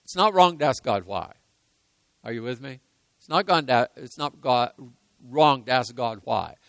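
A man preaching a sermon, repeating key lines for emphasis and moving between hushed and loud passages. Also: medium pitch, lively intonation, unhurried, vocal fry, no echo. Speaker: pastor.

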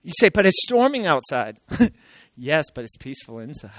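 Man, preacher, high voice, bright, loud to hushed, dramatic sermon delivery. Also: normal speed, no echo, low-quality recording. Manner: animated, swings from loud exclaiming to hushed near-whispers; acts out quoted voices, laughs between lines.

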